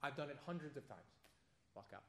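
A man teaching a casual Bible study, conversational and animated, telling everyday anecdotes between points. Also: medium pitch, a little fast, a little hiss or hum.

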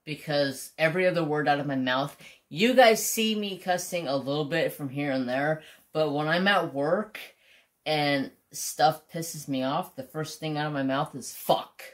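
Diamond painting on his craft channel, a middle-aged host chats in a casual, blunt way, wandering off topic and cursing often. He speaks at a moderate pace in a slightly high voice.

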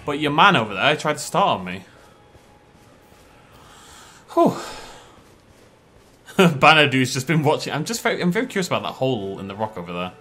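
Guy doing a let's play, talks to the npcs, bright tone, pitch all over the place. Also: very animated, moderate pace, pauses often. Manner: chatty, talks to enemies, jumpy outbursts. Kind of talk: live gameplay commentary.

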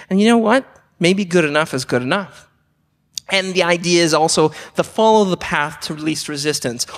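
A man's voice: high-pitched, fairly bright tone, long reverb tail. A man giving an enthusiastic conference talk, asking the audience questions. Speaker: conference presenter. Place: conference hall.

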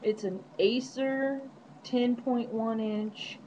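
A woman's voice: fairly high pitch, steady tone, takes it slowly, dark tone, muffled recording, slight background noise. A woman vlogging from a hotel room into her netbook webcam, chatty and rambling, laughing often. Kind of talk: casual webcam diary. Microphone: netbook webcam microphone.

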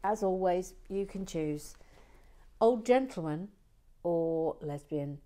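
A woman's voice: fairly low pitch, animated, slow, warm tone. A woman chatting casually while she builds a toy set and reads out viewer comments, teasing and giggling as she goes. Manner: playful, teasing, giggly asides.

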